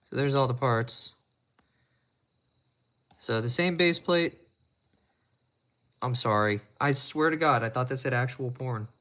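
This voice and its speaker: A man's voice: mid-range voice, takes it slowly, long pauses, bright, forceful tone. A man chatting casually on a live stream while he repairs watches at his bench, rambling and making crude, self-mocking jokes.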